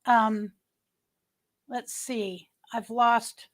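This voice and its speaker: High-voiced chatty woman livestreaming. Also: fairly even intonation, very slow. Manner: rambling, chatty, frequent restarts and fillers; greets viewers by name. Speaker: livestream host. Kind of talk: casual livestream chat. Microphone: webcam.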